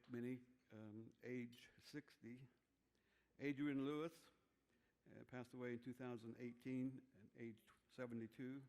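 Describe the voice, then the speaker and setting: A man's voice: medium pitch, darkish tone. An older man from Arizona's Navajo Nation presenting an award at a banquet on a handheld mic, rambling and joking at his own expense. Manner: rambling, joking, self-deprecating. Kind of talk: informal banquet speech. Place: banquet hall.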